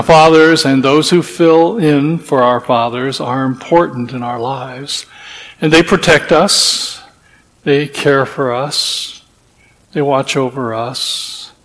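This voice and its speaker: A man's voice: medium pitch, in a large hall, poor audio. A man giving a sermon, telling stories in a folksy, rambling way with frequent restarts. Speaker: preacher. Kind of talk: sermon with storytelling.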